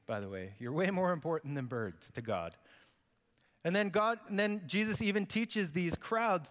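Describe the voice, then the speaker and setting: Pastor preaching in a reverberant hall. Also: male voice, fairly high pitch, a bit bright. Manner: conversational, joking asides, acts out quotes. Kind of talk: sermon.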